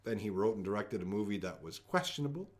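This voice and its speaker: A man's voice: fairly low pitch, lively intonation, quick pace. A man hosting a live-streamed trivia game from home, joking around as he reads each question twice. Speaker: trivia host.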